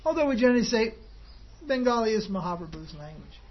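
Guy with a high voice giving a loose devotional talk, muffled lo-fi recording, faint room noise. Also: sing-song, fast. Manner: rambling, conversational, chuckling asides. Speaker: spiritual teacher. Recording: dull lo-fi recording with faint ambience.

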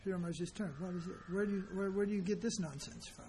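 A man's voice: high voice, fast, mellow, slight background noise. A man teaching as a spiritual teacher in an informal sermon, speaking in a conversational, emphatic way and acting out the people he quotes.

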